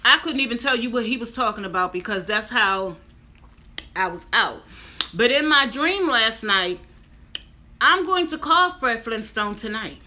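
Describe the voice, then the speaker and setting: Here a woman in her fifties chats with viewers on her vlog, recounting a story from her own life. Her voice sits in the mid range and sounds sharp.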